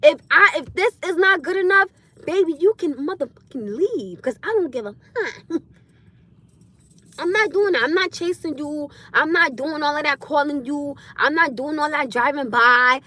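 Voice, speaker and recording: High bright-voiced woman ranting. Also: moderate pace. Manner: blunt, animated, laughing often, slangy. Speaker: livestream host. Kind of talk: casual livestream rant.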